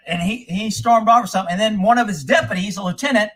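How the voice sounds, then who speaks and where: A man's voice: sits high, quick pace, hardly any pauses. A man, a former police investigator, telling profane stories in casual talk and acting out the people he quotes. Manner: animated, swears often, acts out quoted people. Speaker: podcast host telling stories.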